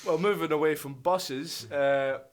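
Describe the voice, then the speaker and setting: A man's voice: on the high side, unhurried. A young Scottish man co-hosting a radio chat show, telling stories with dry, teasing banter. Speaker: radio co-host. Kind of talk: casual chat.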